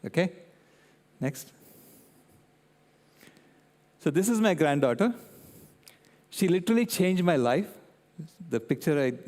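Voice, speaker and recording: Older guy giving a talk, lively storyteller, kinda high voice, echoey hall. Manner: animated storyteller, checks in with "right?" and "okay?". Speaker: guest speaker. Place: convention centre hall. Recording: long reverb in a large hall.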